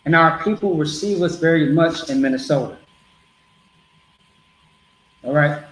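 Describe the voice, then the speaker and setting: Guy preaching loud and blunt, kinda high voice, echoey spot with faint background noise. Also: unhurried. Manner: blunt, streetwise, repetitive. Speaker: street preacher. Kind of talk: street teaching to a group.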